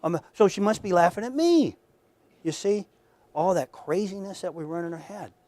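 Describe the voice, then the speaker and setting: A man's voice: high voice, animated, moderate pace, dark tone, no room sound. A man lecturing at a workshop in a conversational, emphatic way, often repeating words and speaking straight to his audience. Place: lecture room.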